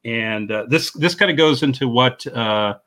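Hosting a casual movie podcast, a man chats and laughs often while recapping a plot, acting out the quotes as he goes. His medium-pitched voice is unhurried, with a pushed, bright quality.

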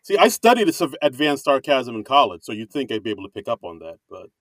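Chatty, expressive podcast man. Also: medium pitch, quick pace, dry recording. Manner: chatty, rambling, laughs easily. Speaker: podcast co-host. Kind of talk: casual podcast chat.

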